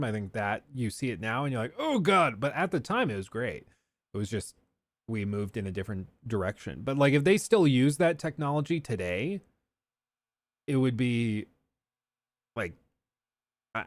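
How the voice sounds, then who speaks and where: A man hosting a casual livestream, chatting and answering viewer questions aloud with quick asides. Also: lowish voice, no room sound. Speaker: livestream host.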